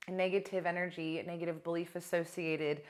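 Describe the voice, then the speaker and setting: A young adult woman coach talking casually to camera in a blunt, animated way, swearing now and then. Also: on the low side, quick pace. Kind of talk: casual direct-to-camera talk.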